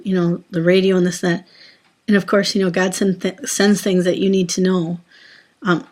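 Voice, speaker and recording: In a fairly low, slightly rough voice, an adult woman who once taught school tells her Christian faith story. She speaks casually and wanders, restarting often and using many fillers.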